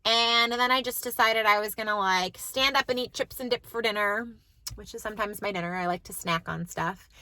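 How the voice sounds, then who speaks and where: A woman's voice: mid-range voice, a little fast, bright, forceful tone, no room sound, poor audio. A woman, telling a story to the camera in a chatty way, with lots of "like". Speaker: mom vlogger. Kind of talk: casual chat to camera.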